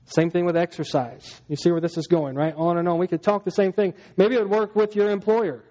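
A man's voice: high-pitched, fairly even intonation, brisk, mellow, muffled recording. A man preaching a sermon as pastor, talking to the congregation in a chatty way and acting out everyday scenes in little voices. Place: church hall. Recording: long hall reverb.

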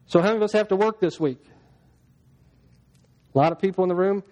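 A man's voice: high voice, fast, a little mellow. Guy pastor giving a sermon, easygoing, does little voices for his examples, long echo of a big hall. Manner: conversational, plays out everyday scenes in little voices. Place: church hall.

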